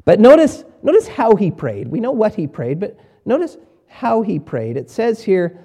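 A man preaching a sermon as pastor, emphatic, repeating key words and swinging between quiet and loud. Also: high voice, very animated, normal speed, slightly rough.

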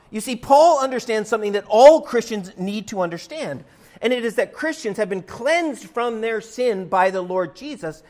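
A man preaching a sermon as pastor in a church, in an emphatic, conversational way with rising stresses. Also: high-pitched. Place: church sanctuary.

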